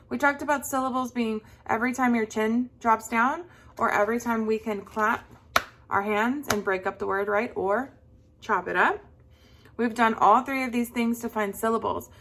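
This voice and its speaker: A young woman with a slightly bright voice on the high side teaches young children, drawing out words in a sing-song way so they can echo them. The classroom lesson is slow and patient.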